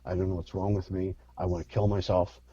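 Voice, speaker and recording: Man doing a tearful, pleading patient in a spoken joke; low, dull recording. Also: little pitch movement, fairly quick, warm tone, slightly rough, no echo. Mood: despairing. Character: despairing, tearful man pleading with his doctor.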